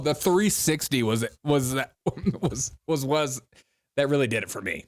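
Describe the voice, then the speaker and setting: A man's voice: mid-range voice, animated, measured pace. A man hosting a casual reaction commentary, mocking the clips he watches and laughing often as he talks. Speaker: host.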